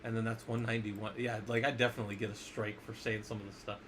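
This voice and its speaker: A man's voice: lowish voice, flat delivery, quick pace, fairly bright tone, a little hiss or hum. A man teaching a casual screen-share lesson as an instructor, playful and jokey, often asking the viewers questions.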